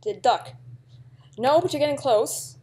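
Giggly young woman, slightly high voice. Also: normal speed, darkish tone. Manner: giggly, chatty, reads questions aloud. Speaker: YouTuber playing a guessing game. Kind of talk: casual gameplay commentary.

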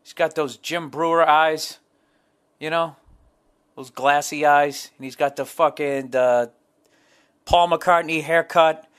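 A man's voice: on the high side, fairly even intonation, slow pace, long pauses, fairly bright tone. A middle-aged man, hosting a solo podcast, telling profane, rambling comic stories. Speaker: podcast host.

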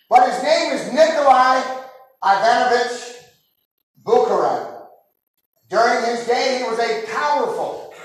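High-voiced preaching man in an echoing hall. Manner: impassioned preaching, rising to shouts. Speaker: pastor. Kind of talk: sermon. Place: large church sanctuary. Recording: very echoey hall, mic far off.

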